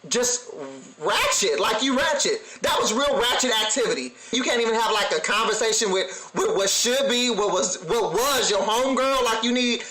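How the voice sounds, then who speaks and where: A man giving a sassy, animated, slang-heavy casual review of a TV episode. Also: extremely high pitch, normal speed, hardly any pauses. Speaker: TV recap vlogger. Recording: echoey room.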